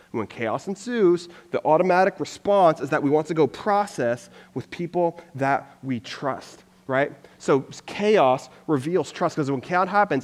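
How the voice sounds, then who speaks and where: A man's voice: a little high, in a large hall. A man giving a casual, chatty sermon as pastor, acting out people's reactions and filling his talk with "like". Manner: chatty, lots of "like", acts out reactions.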